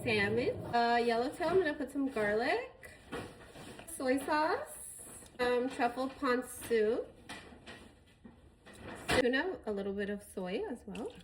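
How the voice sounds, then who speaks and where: A woman's voice: fairly high pitch, animated, unhurried, long pauses, background noise. A woman casually narrating as she prepares food for her cooking vlog. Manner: chatty, talks while preparing food. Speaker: cooking vlogger.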